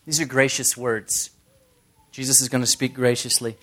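A man preaching a casual sermon who tells stories and briefly acts out the crowds. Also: medium pitch. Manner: conversational, animated storytelling with quick voices for crowds. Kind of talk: casual sermon with acted-out scenes.

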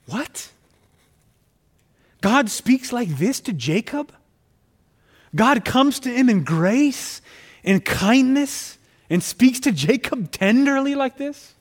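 A man's voice: very high voice, expressive, slow. A man preaching a sermon, reading scripture aloud and pressing his points with rising emphasis, calling his listeners friends.

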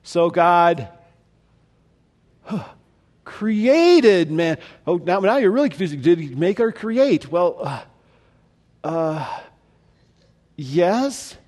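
A man's voice: high-pitched, sing-song, drawn-out words, long pauses, a little mellow. A man preaching a sermon, speaking conversationally and posing questions to his listeners. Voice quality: conversational, asks the audience questions. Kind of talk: sermon teaching.

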